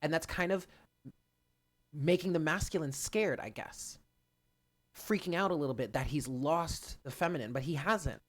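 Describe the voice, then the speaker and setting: A man's voice: on the high side, normal speed. Earnest man giving a card reading. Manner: earnest, addresses viewers directly. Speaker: spiritual card reader. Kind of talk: live channeled card reading.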